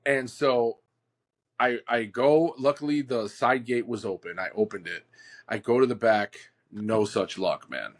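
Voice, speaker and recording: Man, podcast co-host, animated storyteller, casual, throws in "like" and "dude" a lot. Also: mid-range voice, a little slow. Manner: animated, acts out quotes, says "like" and "dude" often.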